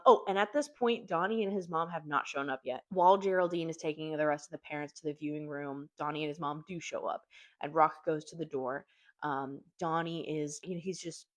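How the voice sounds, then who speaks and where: A young woman reviewing books in an animated, chatty way, swearing casually. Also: sits low. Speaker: book reviewer. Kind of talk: casual chat.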